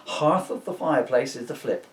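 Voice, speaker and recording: A man, the author, reading his comic book aloud with deadpan jokes and asides, often chuckling at his own lines. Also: mid-range voice, normal speed, recorded from a distance. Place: room, filmed on camera. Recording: roomy sound from away from the mic.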